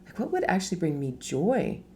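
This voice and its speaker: A woman's voice: on the low side, sing-song, a little fast, darkish tone, slight background noise. A middle-aged woman giving a casual live talk as a spiritual teacher, chatty, laughing often and asking rhetorical questions.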